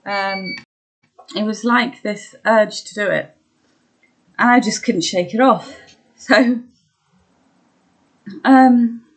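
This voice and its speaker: Young woman, mid-pitched voice, open and unpolished, pauses and ums a lot, laughs at herself. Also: poor audio. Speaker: vlogger sharing her illness experience. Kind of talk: candid personal chat.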